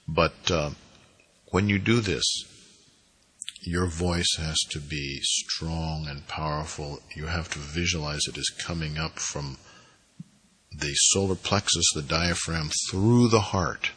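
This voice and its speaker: Deep husky guy lecturing on priesthood, leans hard on his words. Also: bright, forceful tone, poor audio. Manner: emphatic, deliberate inflection, stretches words for emphasis. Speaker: spiritual teacher.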